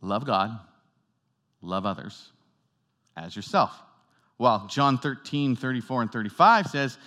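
A man preaching a sermon to his congregation, moving between loud, emphatic lines and quiet, hushed ones, and asking the room questions. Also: mid-range voice, expressive, a little slow, long pauses. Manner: dynamic, swings from loud emphatic to soft hushed; talks directly to the congregation with questions. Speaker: pastor.

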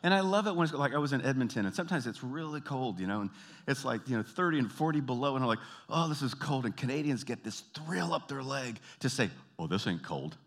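A man from the American South with a Southern accent, performing an animated stand-up comedy routine. He tells stories and jumps into high, exaggerated voices. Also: quick pace. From Southern United States. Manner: animated storytelling, jumping into high put-on voices.

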